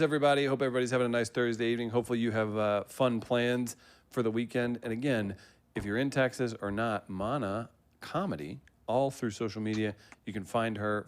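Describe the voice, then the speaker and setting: A man's voice: fairly low pitch, clean tone. A man hosting a trivia night over a livestream, chatty and joking, laughing often. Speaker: trivia host.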